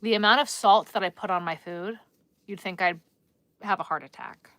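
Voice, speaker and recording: A woman's voice: medium pitch, normal speed, fairly bright tone, dry recording. A woman with a New Jersey accent, hosting a casual livestream and chatting in a rambling way while she crochets. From Newark, New Jersey. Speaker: livestream host.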